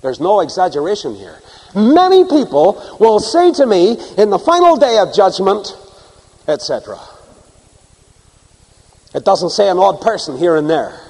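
A man preaching a sermon to a congregation, swinging from loud emphasis to hushed asides. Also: high-pitched, wildly swooping pitch, a little slow, long pauses, in a large hall, low-quality recording. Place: church before a live congregation.

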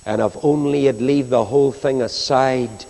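Man, preacher, mid-pitched; fervent sermon delivery, loud to hushed; long hall reverb. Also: steady tone, moderate pace, creaky. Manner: fervent, swinging from loud declaring to hushed pleading.

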